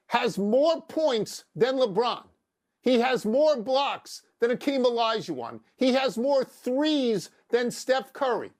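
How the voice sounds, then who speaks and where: A man's voice: extremely high pitch, darkish tone. A man co-hosting a sports debate show, teasing his partner with wry, dry sarcasm. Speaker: sports talk show co-host.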